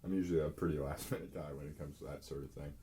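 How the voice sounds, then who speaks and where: A man's voice: rumbling low, steady tone, rapid-fire, dark tone. A young man guesting on a podcast, laid-back and easygoing in casual chat.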